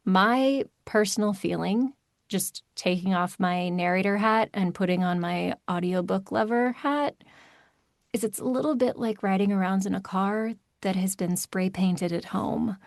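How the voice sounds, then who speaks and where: Casting note: American woman, audiobook narrator guest, animated and chatty, dry close sound. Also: mid-range voice, gravelly, no echo. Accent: General American. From Maryland, USA. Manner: chatty, animated, quick asides. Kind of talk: casual interview chat.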